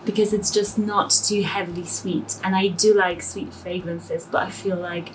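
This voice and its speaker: A woman's voice: lowish voice, moderate pace, a little hiss or hum, poor audio. Woman thinking aloud in casual chat. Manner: relaxed, reflective, thinks aloud with ums. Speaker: guest fragrance reviewer. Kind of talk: casual conversation.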